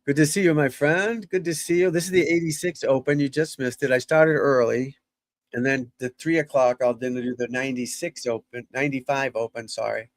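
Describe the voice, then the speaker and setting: A middle-aged man with a Boston accent hosts a casual golf live stream, rambling and blunt, tossing jokes at his chat. His voice is gravelly at an ordinary pitch, and the recording is dry and close with no room sound. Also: steady tone, brisk, no echo.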